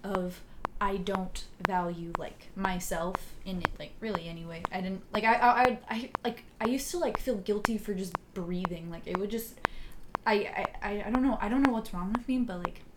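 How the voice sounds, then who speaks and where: Woman podcast guest, mid-range voice, soft and hesitant, restarts a lot; noisy recording with clicks. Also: medium pitch. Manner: halting, many fillers and restarts. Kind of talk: casual personal storytelling. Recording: loud background noise with clicks.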